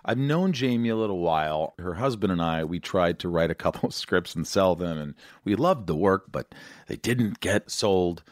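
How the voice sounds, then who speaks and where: Male podcast host, low-voiced, scattered and jokey, dry close mic. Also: animated, moderate pace, dry recording. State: out of breath. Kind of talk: casual interview chat.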